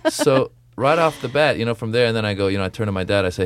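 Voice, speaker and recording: A man's voice: on the low side, racing, hardly any pauses, a little hiss or hum. A young adult man, a comedian, telling stories and acting out his stand-up jokes in a radio interview. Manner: animated storytelling, acts out jokes. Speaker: comedian guest.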